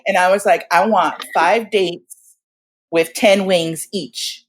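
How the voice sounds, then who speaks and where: A woman in her forties telling stories in casual chat as a guest, animated and laughing often, acting out the voices of people she quotes. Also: fairly low pitch, normal speed, heavy background noise. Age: 40s. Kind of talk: casual storytelling.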